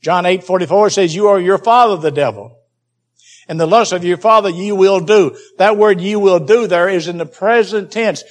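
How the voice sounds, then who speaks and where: A man's voice: high-pitched, moderate pace. A man preaching a Bible teaching sermon, emphatic and repeating key phrases for stress.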